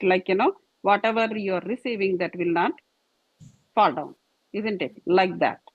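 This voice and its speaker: With a voice on the high side and a bit bright, a woman leads a yoga and meditation class, showing each posture through gestures and patient repetition. The recording is dull, lo-fi and dry, with no echo.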